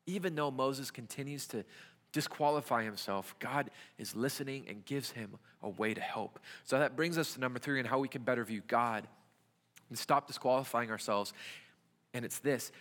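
A man's voice: medium pitch, lively intonation, normal speed, a bit bright. A young adult man, a youth pastor, preaching a conversational sermon full of rhetorical questions in a church. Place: church sanctuary. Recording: church hall reverb.

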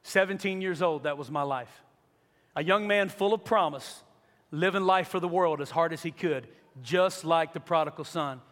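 A man's voice: on the high side, normal speed, a bit bright, in a large hall. A man from North Carolina, giving an earnest, emotional church testimony as a guest speaker. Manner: earnest, emotional storytelling, building to impassioned pleas.

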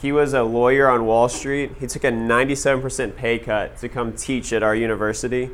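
A man telling a story to an audience in a casual, animated way, full of "like" fillers. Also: mid-range voice, brisk, slight background noise. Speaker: speaker addressing an audience. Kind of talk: storytelling talk to a live audience.

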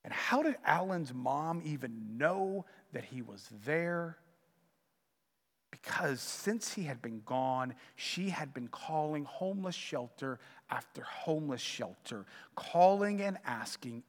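Guy pastor preaching, high voice, lively storytelling, long echoey church sound. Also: slow pace. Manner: storytelling, animated and emphatic. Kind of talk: sermon.

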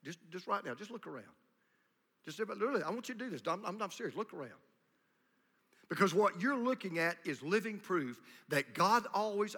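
High-voiced preacher in a reverberant hall. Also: male voice, big pitch swings, a little fast. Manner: swings from hushed to loud emphatic preaching. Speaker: pastor. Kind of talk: sermon. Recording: long reverb of a large hall.

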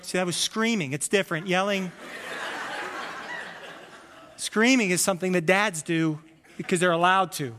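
A man preaching a sermon as a pastor, animated and acting out comic voices, a father of several kids. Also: high voice, brisk, long reverb tail. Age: adult with children. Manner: animated, acts out voices with loud comic bursts.

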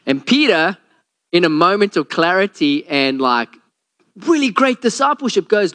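Guy preaching, kinda higher voice, tells stories and does little voices for people. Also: sing-song, measured pace, a bit bright. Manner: storytelling, acts out quotes with a lowered voice. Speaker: pastor. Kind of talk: sermon.

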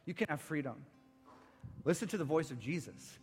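Preacher guy getting fired up then going quiet, high voice, soft music under it. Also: lively intonation, moderate pace, pauses often, slightly rough. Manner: impassioned, rising to near-shouts then dropping low. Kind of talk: sermon. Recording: echoey hall with faint music.

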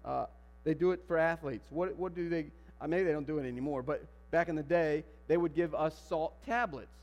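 A man preaching a sermon in a church, animated, firing rhetorical questions and building to emphatic declarations. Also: a little high, brisk, faint music behind. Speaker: pastor. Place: church sanctuary. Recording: long hall reverb with mains hum.

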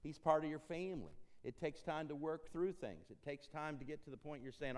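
A man's voice: a little high, expressive, moderate pace, hardly any pauses. A man from Tennessee speaking in a church as an interim ministry consultant, folksy and joking, repeating phrases for emphasis. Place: church sanctuary.

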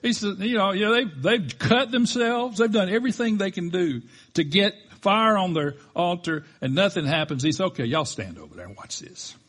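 A man preaching a sermon as a pastor, telling the story with animated delivery and acting out the quoted lines. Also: high voice, normal speed, hardly any pauses.

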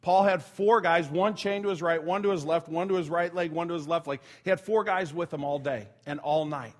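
A man's voice: a little high, a little fast. A middle-aged man preaching a sermon as pastor, talking conversationally with asides and self-corrections, sometimes dropping almost to a whisper. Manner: drops to a near whisper when telling a quiet story.

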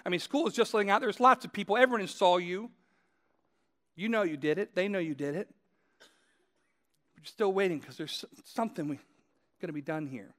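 A man with a fairly high voice preaches a sermon. He tells his points as a story, speaking straight to the people listening and repeating key phrases to drive them home. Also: normal speed, pauses often, a bit bright. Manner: conversational storytelling, addressing listeners directly. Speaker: pastor.

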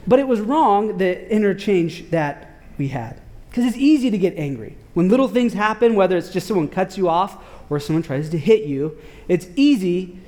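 Male preacher, high voice, loose and animated, slangy storytelling from the pulpit. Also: moderate pace. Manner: animated, slangy, many "like" fillers. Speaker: pastor. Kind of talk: casual storytelling sermon.

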